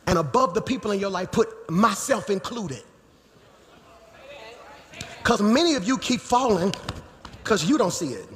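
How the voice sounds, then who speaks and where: High-voiced preaching man in a reverberant sanctuary. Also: sing-song, unhurried, long pauses. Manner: preaching, swings from quiet teaching to shouting. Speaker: pastor. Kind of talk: sermon. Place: church sanctuary. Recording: live church hall reverb, faint noise.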